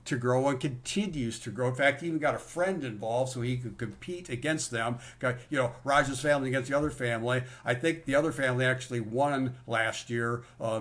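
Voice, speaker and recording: Guy pitching an online course live, upbeat and chatty, mid-pitched voice. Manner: enthusiastic, conversational, repeats "in other words". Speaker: course presenter. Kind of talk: live sales-course presentation.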